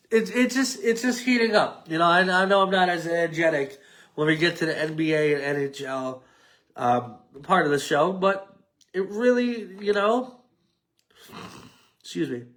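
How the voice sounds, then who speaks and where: A man's voice: sits high, a bit bright. A man hosting a solo sports podcast, talking in a rambling, jokey way with a nasal, mumbling voice and many fillers. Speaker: podcast host. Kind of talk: solo sports talk show wrap-up. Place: home setup on a tripod.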